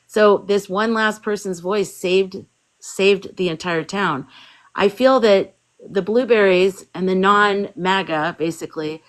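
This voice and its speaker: A woman's voice: mid-range voice, slow, low-quality recording. A woman in casual conversation, retelling a story at length and acting out bits of dialogue. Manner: rambling storyteller, acts out quotes. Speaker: guest on a live spiritual chat.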